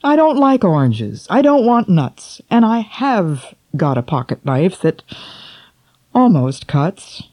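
A woman's voice: fairly low pitch, sing-song, takes it slowly, warm tone, heavily acted. A woman voicing a lonely, selfish old king who lists his wishes in a wistful, childlike way, in a storybook reading. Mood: eager. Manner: childlike, wishful listing of wants.

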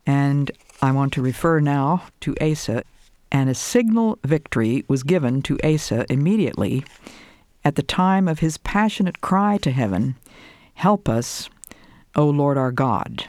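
An older woman giving a devotional talk, measured and deliberate, lingering over each item in a list. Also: low-pitched, animated, a little mellow, no room sound, clean studio sound. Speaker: Christian speaker.

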